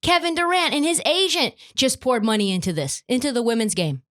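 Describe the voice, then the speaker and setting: Fiery, high-pitched woman sports podcaster. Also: very animated, brisk, fairly bright tone. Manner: fiery, profane, emphatic. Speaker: podcast host. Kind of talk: opinionated sports podcast rant.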